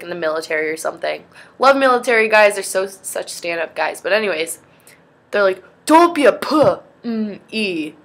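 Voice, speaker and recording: A woman's voice: mid-range voice, fairly bright tone. A young woman vlogging in a rambling, chatty way, easily sidetracked. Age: young adult. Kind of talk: casual vlog chat.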